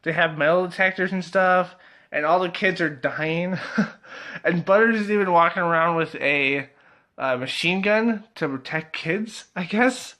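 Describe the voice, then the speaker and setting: A man's voice: high-pitched, a little slow, sharp tone. A young man casually reviewing a TV episode, laughing often, swearing freely and filling his talk with "like" and "uh".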